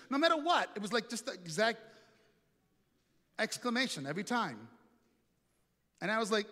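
High-voiced preacher in a reverberant hall. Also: male voice, animated, fast talker, long pauses, pushed and bright. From Italy. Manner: storytelling, playful, asks the audience questions. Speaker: pastor. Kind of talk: sermon. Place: large hall with an audience.

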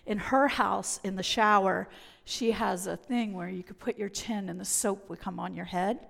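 A woman with a slightly gravelly voice tells a funny personal story about faith, mocking herself and acting out the other people's lines. Her voice rings in a long hall reverb. She moves briskly from laughter to hushed wonder. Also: mid-range voice. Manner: lively, self-mocking, acts out voices.

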